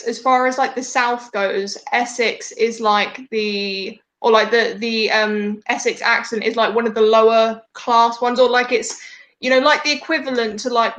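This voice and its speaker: A woman's voice: a little high, fairly bright tone. A woman guest in a video-call chat, speaking hesitantly and carefully with many fillers. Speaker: guest reader. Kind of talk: casual group video chat. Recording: echoey room on a call.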